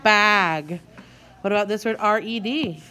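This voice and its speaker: A woman teacher leading a guided reading lesson for young children, sounding out words slowly and encouraging her class. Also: medium pitch, sharp tone.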